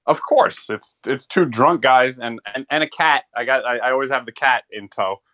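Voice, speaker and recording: A man of middling pitch joins a live sim racing broadcast as co-commentator from his home office. He talks in a relaxed, halting way and teases the host. His voice sits right in the middle of the range. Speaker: race co-commentator. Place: home office on a remote call.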